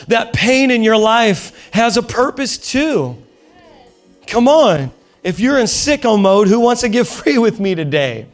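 High-voiced man preaching with passion. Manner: impassioned preaching, swings from hushed to shouting. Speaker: pastor. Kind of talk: sermon. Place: church auditorium.

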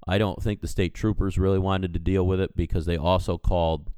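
A man's voice: sits low, fairly even intonation, brisk, darkish tone, clear, resonant tone, dry recording. A man in his thirties, a podcast co-host, telling a story in casual chat and animatedly acting out the people in it. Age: 30s.

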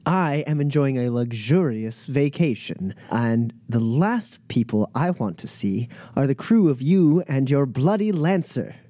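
A man's voice: mid-range voice, expressive, a little slow, few pauses, mellow, no room sound, clean studio sound, close to an everyday voice. A man voicing a charming, scheming male smuggler who talks in a silky, falsely friendly way. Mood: irritated.

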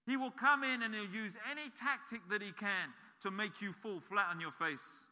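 Man, sermon, emphatic repetition, very bright tone, echoey hall. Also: sits high, moderate pace. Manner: emphatic, repeats phrases for stress. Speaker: pastor. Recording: reverberant hall.

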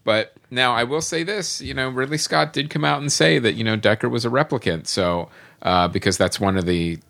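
A man's voice: mid-range voice, brisk, vocal fry, a bit bright. A man hosting a casual film podcast, talking in a loose, rambling way full of filler words. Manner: rambling, heavy use of "like". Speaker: podcast host.

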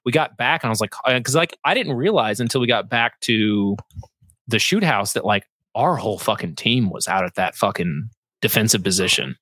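A man recounts a wild night in a relaxed chat, his voice bright and sharp. He laughs easily and swears freely. The sound is dry and close. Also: lowish voice, moderate pace, dry recording. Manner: animated, laughing, heavy swearing, acts out quotes. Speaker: airsoft player recounting an event. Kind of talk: casual storytelling chat.

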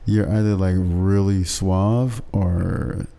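A deep-voiced man co-hosts a relaxed podcast chat, dropping short, dry remarks. His tone is very dark and mellow. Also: takes it slowly, gravelly, slight background noise. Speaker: podcast co-host.

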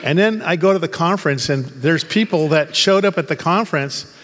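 A man's voice: fairly high pitch, fairly quick, fairly bright tone, in a large hall. A man preaching a sermon as pastor, mixing humorous stories with fervent, angry calls to prayer. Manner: humorous storytelling turning to fervent, angry exhortation.

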